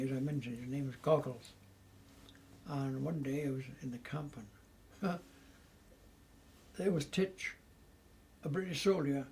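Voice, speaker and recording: Older man in his eighties, gravelly and a touch high-pitched, telling stories with frequent chuckles. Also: rough recording. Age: 80s. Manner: lively storyteller who chuckles often. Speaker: interviewee recounting memories. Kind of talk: casual storytelling.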